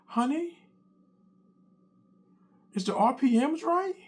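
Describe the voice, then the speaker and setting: A man's voice: extremely high pitch, lively intonation, takes it slowly, voice pushed up, heavily acted. A man voicing his worried wife in a raised, hesitant voice while telling a story. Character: flustered wife, high and anxious.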